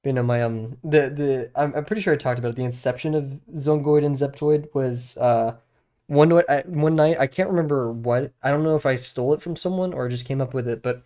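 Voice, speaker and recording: A man's voice: medium pitch, brisk, dark tone. A man in his twenties chats casually while streaming, wandering from thought to thought. He pokes fun at himself and breaks into small laughs between phrases. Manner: rambling, self-deprecating, laughs often. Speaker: drawing streamer.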